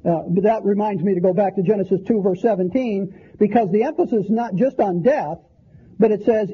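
High husky-voiced male preacher. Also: brisk, lo-fi sound. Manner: conversational Bible teaching with frequent restarts. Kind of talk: sermon.

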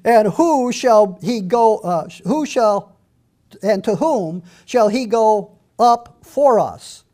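A man preaching a sermon, reading scripture slowly and earnestly and often restarting or correcting himself mid-sentence. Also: sits high, animated, dark tone. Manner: slows right down to read verses aloud.

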